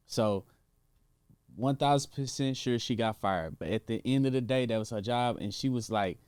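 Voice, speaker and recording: A man's voice: medium pitch, lively intonation, moderate pace, a little mellow, smooth, no echo, clean studio sound. Slangy man giving casual commentary. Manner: slangy, emphatic, laughing. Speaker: host.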